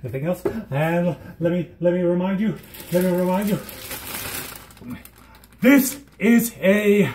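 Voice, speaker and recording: A young man rambling in a hyper, giddy vlog monologue, swinging between squeals and low mutters. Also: measured pace, long pauses, darkish tone, slight background noise. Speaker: vlogger.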